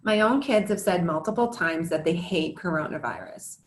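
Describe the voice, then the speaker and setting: A woman's voice: lowish voice, expressive, normal speed, echoey room. A woman in her thirties, a former teacher and parent, giving a prepared talk to parents in an earnest, scripted manner with candid asides. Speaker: educator and parent presenter.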